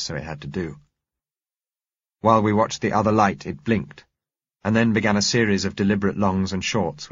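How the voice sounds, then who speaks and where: A man reading a first-person story aloud in a measured, steady narration. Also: low-pitched, husky, no room sound, dull audio. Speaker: audiobook narrator.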